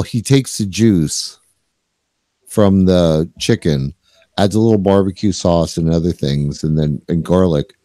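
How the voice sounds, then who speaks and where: A man's voice: sits low, warm tone, no echo. A man co-hosting a casual podcast chat, starting over often as he talks. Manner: halting, restarts often. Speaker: podcast co-host.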